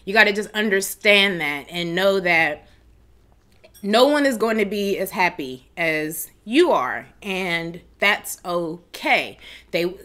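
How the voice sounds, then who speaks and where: A woman hosting a casual live Q&A at home, giving direct, chatty advice. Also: sharp tone. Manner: chatty, direct, acts out quoted people in higher voices. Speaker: wedding planning host.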